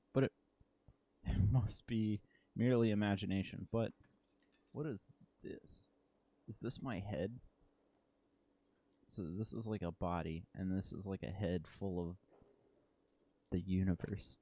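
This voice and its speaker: A man's voice: deep voice, steady tone, unhurried, pauses often, mellow. A man playing a game and commenting in a casual way with wry, joking asides. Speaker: let's play host. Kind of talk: casual game commentary, reading text aloud.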